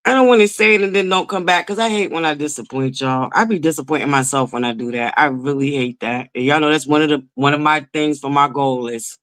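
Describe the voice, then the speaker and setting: A woman's voice: sits low, fairly quick, hardly any pauses, a bit bright. A woman hosting a casual livestream from home, chatting and greeting viewers by name. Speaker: livestream host.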